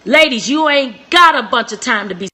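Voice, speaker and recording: A young woman hosting a live-stream relationship talk, preachy and emphatic, repeating phrases and swinging from soft to shouting. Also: sits high, lively intonation, normal speed, slightly rough.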